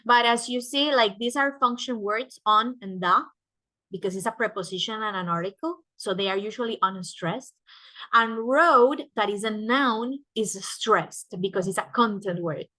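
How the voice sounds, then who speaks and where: A woman's voice: a little high, moderate pace, pushed and bright. A woman, a native Spanish speaker, giving a classroom lecture and explaining step by step, often asking "right?" to check understanding. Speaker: teacher.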